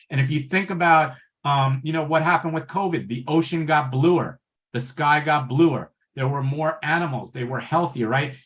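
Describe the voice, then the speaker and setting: A man with a slightly higher-pitched voice talks through a health webinar over a video call. His delivery is passionate and conversational, and he keeps asking "right?" to pull his listeners along. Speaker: pulmonary wellness presenter. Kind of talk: webinar talk.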